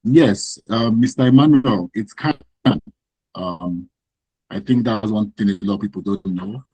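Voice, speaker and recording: Husky low-voiced man moderating an online workshop, halting, filler-heavy delivery. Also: warm tone, no room sound, poor audio. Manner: hesitant, many ums, friendly. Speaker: workshop host. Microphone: video call.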